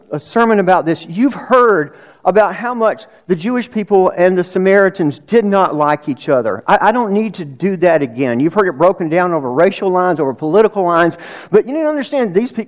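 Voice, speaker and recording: A man's voice: sits high, highs cut off. A male pastor preaching a sermon in a conversational way, with restarts and rhetorical questions.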